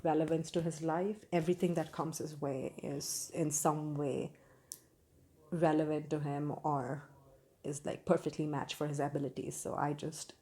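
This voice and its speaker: A woman's voice: sits low, flat delivery, moderate pace, mellow. A young woman giving a casual, candid book review, opinionated and full of fillers and restarts.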